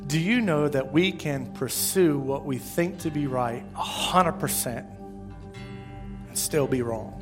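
A man preaching a sermon as pastor, talking to the congregation conversationally, with restarts and sudden loud rises. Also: a little high, a little slow, over music.

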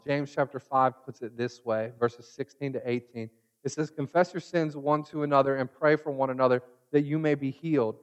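A man preaching a sermon, retelling scripture stories, rising loud in the retellings and sinking low and quiet at the close. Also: clear, resonant tone, lo-fi sound. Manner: builds to loud mocking retellings, then drops to a hushed close.

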